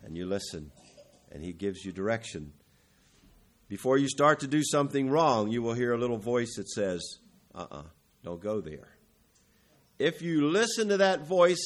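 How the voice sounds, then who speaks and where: A man preaching a sermon, building to emphatic, louder peaks and then dropping to low, quiet stretches, with self-corrections and occasional throat-clearing. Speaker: pastor.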